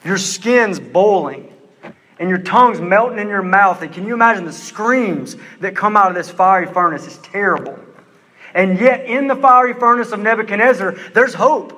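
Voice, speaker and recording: Intense high-voiced preacher in a hall. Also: male voice, lively intonation, bright, forceful tone. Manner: intense, emphatic, slows down for stress. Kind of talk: sermon.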